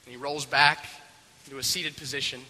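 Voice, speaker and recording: A man's voice: medium pitch, fairly quick, in a large hall, a little hiss or hum, poor audio. A man animatedly retelling a film scene, acting out the characters as he goes. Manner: expressive, acts out the characters' voices. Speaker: storyteller.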